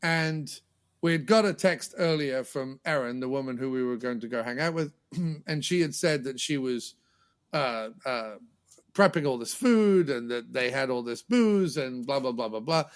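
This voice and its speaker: A man's voice: mid-range voice, moderate pace, clear, resonant tone. A man hosting a podcast, telling stories in casual chat, acting out scenes and swearing freely. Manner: animated storyteller, swears freely, acts out scenes. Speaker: podcast host.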